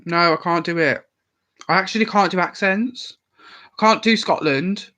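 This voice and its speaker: A man's voice: sits high, unhurried, bright, forceful tone, rough recording. A man in his twenties from the Worcestershire area with a light Birmingham accent, chatting casually to camera, opinionated and swearing freely. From England, Worcestershire area. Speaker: channel host.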